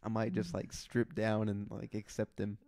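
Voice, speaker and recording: A man's voice: fairly low pitch, completely flat delivery, normal speed, gravelly, dark tone. A man co-hosting a casual podcast, telling rambling stories about his job as a detention officer and acting out the people he quotes. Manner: rambling storyteller who acts out quoted people.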